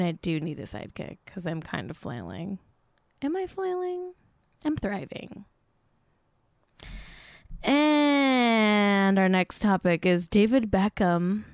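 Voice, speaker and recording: A woman's voice: medium pitch, no echo. Young woman host, gossipy + self-mocking, lots of "like", dry close mic. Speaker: podcast host. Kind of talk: casual celebrity gossip chat.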